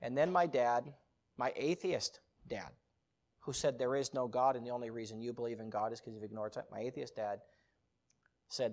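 A man preaching, telling a personal story in a dramatic sermon style, with loud bursts and hushed passages. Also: mid-range voice, fairly even intonation, normal speed.

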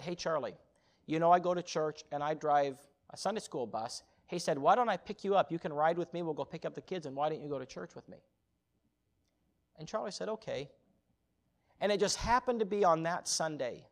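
A man preaching a sermon as a missionary, telling a story with animated, rising passion. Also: a little high.

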